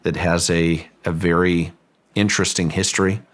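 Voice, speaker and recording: Male guest, deep low register, long halting anecdote, voices others' lines with lifts. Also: level tone. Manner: halting, with frequent restarts and fillers; acts out quoted lines with raised pitch. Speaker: guest, ranch owner. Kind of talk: storytelling in a long-form interview.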